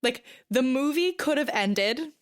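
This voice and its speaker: A woman's voice: sits high, unhurried, clean tone. A woman co-hosting a podcast, chatting casually about a film and acting out characters' lines. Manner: animated, slips into quoting characters. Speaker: podcast co-host.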